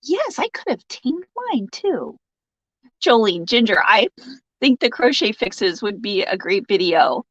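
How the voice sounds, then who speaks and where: Chatty woman with a lively voice. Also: a little high, measured pace, slightly rough, dry recording, muffled recording. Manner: chatty, laughing often, sympathetic and joking. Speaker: livestream host reading viewer comments. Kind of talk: casual chat.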